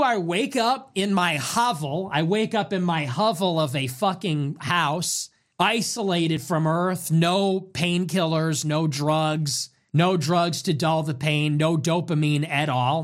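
A man's voice: on the high side, a bit bright. A young man hosting a livestream, ranting in a whiny, exaggerated way and piling up long lists of complaints. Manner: whiny, exaggerated complaining with swings between mock despair and outburst. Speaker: livestream host. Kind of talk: livestream rant.

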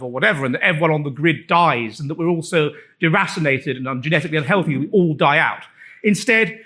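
Man, high-pitched voice, from England, author speaking to an audience, wry lecturing tone, halting restarts. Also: pushed and bright. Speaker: author presenting his book. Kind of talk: live talk to an audience.

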